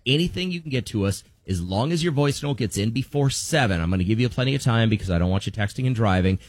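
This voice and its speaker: A man's voice: mid-range voice, expressive, fast talker, no echo, soft background music. A man hosting a morning radio show, joking with callers and giving contest instructions in a breezy, upbeat way. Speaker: radio host.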